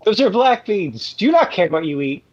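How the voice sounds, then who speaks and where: A man in relaxed, chatty banter as co-host of a live comedy stream. His mic sounds dull and lo-fi, with the top end muffled. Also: high voice, moderate pace.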